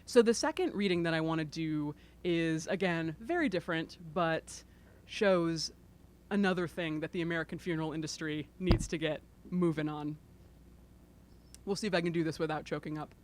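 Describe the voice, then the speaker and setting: This low-voiced woman author speaks at a normal speed while reading her book aloud to a bookstore crowd. She often breaks away for animated jokes at her own expense, and a faint hiss or hum sits under the recording.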